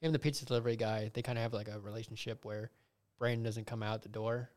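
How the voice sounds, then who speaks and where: Relaxed man retelling a scene. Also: lowish voice, fast talker. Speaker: podcast guest. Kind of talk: casual chat.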